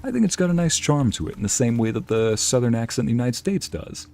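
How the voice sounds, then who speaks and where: A man's voice: medium pitch, expressive, quick pace, darkish tone. A man streaming a game, chatting casually and musing aloud as he reads out messages from his chat.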